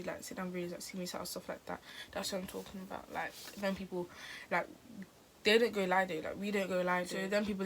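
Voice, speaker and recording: With a mid-range, slightly bright voice, a teenage girl vlogs a chatty storytime. She rambles, says "like" a lot, and restarts often, while slight background noise sits behind her.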